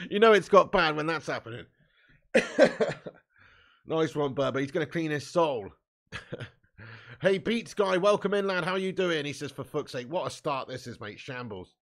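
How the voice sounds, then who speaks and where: A man hosting a live fan watch-along, commentating excitably, swearing freely and shouting at chances. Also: a little high, vocal fry.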